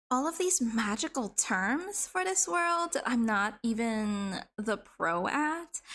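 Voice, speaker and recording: Chatty woman streamer, fairly high voice. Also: a bit bright. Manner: rambling, chatty, casually swears. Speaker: livestreamer. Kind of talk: casual chat while drawing on stream.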